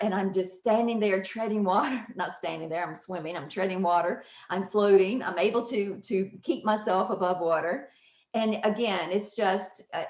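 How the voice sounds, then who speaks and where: A woman hosting a podcast, telling a personal story with lively laughter and acted-out voices. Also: mid-range voice. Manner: animated, laughs often, acts out voices. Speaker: podcast host. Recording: roomy, slightly dull audio.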